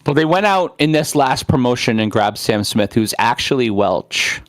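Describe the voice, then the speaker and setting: A man's voice: medium pitch, expressive, normal speed, no room sound, studio quality. A man co-hosting a casual podcast who steers the talk with short questions. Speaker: podcast co-host. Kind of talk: casual chat.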